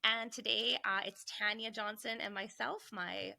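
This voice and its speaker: A middle-aged woman co-hosting a podcast, chatting casually and spinning an animated story full of little fillers. Her voice is bright and forward, with a gravelly fry at the ends of phrases. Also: mid-range voice, measured pace. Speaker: podcast co-host and psychologist.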